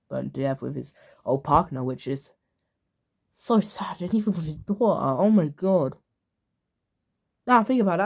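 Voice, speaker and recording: A woman YouTuber talking in loose, casual commentary. She drifts into offhand asides and fills pauses with ums and uhs. Her voice sits a little low and sounds soft and mellow. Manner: rambling, full of fillers and offhand asides.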